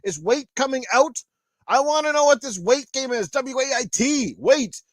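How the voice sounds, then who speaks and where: A man's voice: very high-pitched, expressive, moderate pace, fairly bright tone, dry recording, clean studio sound. A man hosting a podcast, angry and heavily profane in a riled-up rant. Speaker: podcast host. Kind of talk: ranting gaming podcast.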